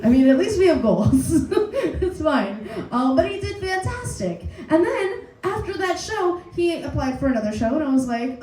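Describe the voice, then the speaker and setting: A woman hosting a comedy night, telling an animated story full of laughs and swearing before introducing the next comic. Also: high voice, moderate pace, reverberant, rough recording. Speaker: comedy show host. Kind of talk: stand-up host introduction. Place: pub comedy stage.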